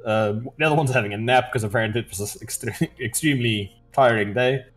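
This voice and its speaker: A man runs a tabletop game in a loose, casual way, laughing often and swearing now and then. His voice sits at a middle pitch, with faint music playing under the talk. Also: brisk. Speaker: game master.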